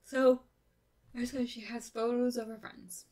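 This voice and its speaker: A woman in her thirties, narrating her game build in a relaxed, rambling, chatty way, a little tired. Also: fairly high pitch, measured pace. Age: 30s. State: tired, winding down. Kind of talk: casual voice-over narration of a build.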